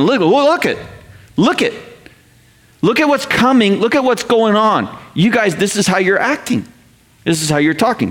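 A man preaching a sermon, slowing down to read scripture and speeding up in quick explanatory asides. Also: high voice. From North America. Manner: animated, quotes scripture slowly, paraphrases in quick asides. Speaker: pastor.

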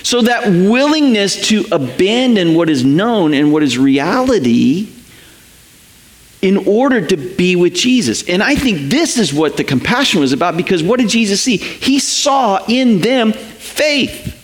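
A man preaching a sermon, telling stories in an animated way and acting out the voices of the people he quotes. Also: sits high, measured pace. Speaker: pastor.

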